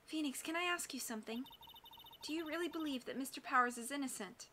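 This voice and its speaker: Composed woman attorney mentor as a woman reads her, soft, measured, bright. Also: high-pitched, a little hiss or hum. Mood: calm. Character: calm, composed female defense attorney mentor.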